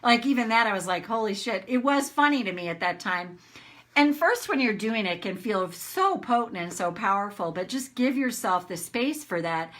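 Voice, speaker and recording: A woman's voice: medium pitch, expressive, moderate pace, fairly bright tone. A middle-aged woman coach talking frankly to viewers in a casual live session, swearing freely and acting out her own rants.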